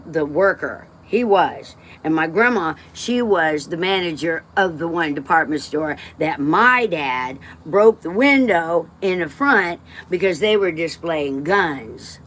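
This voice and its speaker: A woman's voice: on the low side, a bit bright, slight background noise. A woman from West Texas, livestreaming and telling rambling personal stories in a blunt, emotional way, swearing freely and drifting off topic.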